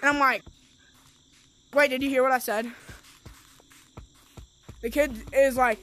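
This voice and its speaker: High-pitched, animated and sharp-toned, a woman talks at a normal speed with frequent pauses, and there's a little hiss or hum. Playing a VR game on a headset mic, the gaming vlogger chats casually, rambling through filler-heavy stories.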